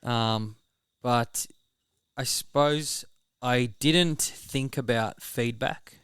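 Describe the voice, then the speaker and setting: A man's voice: mid-range voice, extremely slow, fairly bright tone, clear, resonant tone, dry recording, studio quality. An Australian man hosting a podcast, chatting casually and bluntly, swearing freely. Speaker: podcast host. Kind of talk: casual chat.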